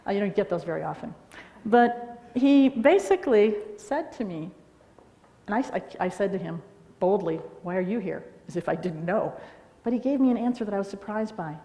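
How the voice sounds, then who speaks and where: Middle-aged woman, lively anecdotal conference speaker, mid pitch, in a long-reverb lecture hall. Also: moderate pace. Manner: animated storytelling with frequent "all right?".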